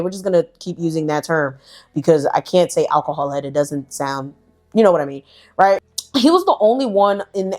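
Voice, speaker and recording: A young woman telling a casual storytime, candid and profane, full of "like" and "right". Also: mid-range voice. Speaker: storytelling vlogger.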